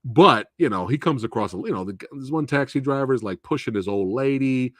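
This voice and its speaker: A man hosting a casual live film review, animated, profane and laughing often. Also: mid-range voice, a little fast, no echo, clean studio sound. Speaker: movie reviewer and host.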